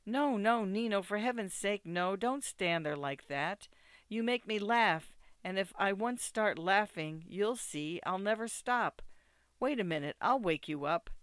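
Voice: mid-range voice, animated, a little slow, fairly bright tone, clean tone, no room sound, clean studio sound, voice pushed up. A reader voicing a vivacious childlike bride. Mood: laughing. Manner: vivacious, teasing, impetuous. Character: lively childlike young bride, girl. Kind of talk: audiobook character voice.

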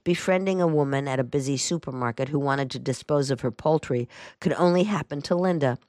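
A woman reading a first-person memoir aloud as a narrator, in a dry, even storytelling manner. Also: rumbling low, a little fast, dry recording. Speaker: audiobook narrator.

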